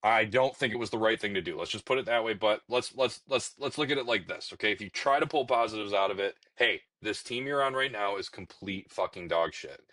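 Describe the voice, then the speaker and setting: A man's voice: lowish voice, a little fast, few pauses, a bit bright, no echo, rough recording. A young man co-hosting a casual hockey podcast, ranting in an exasperated, profane way about his team. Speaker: podcast co-host. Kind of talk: casual chat.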